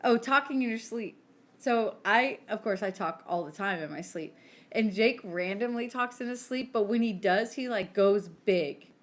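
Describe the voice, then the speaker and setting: A woman in her thirties, co-hosting a podcast, telling stories in animated casual chat and acting out the quotes. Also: mid-range voice, normal speed. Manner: animated storyteller who acts out quotes. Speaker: podcast co-host.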